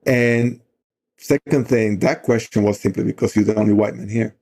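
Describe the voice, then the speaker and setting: On a talk show, a middle-aged outdoor program leader recounts a story conversationally, emotional and earnest, leaning heavily on "you know." He talks briskly in a lowish, creaky, mellow voice.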